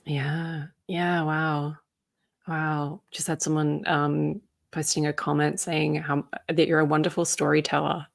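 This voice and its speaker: A woman host chatting casually and reacting with relaxed, laughing agreement. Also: low voice, unhurried, vocal fry. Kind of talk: casual chat.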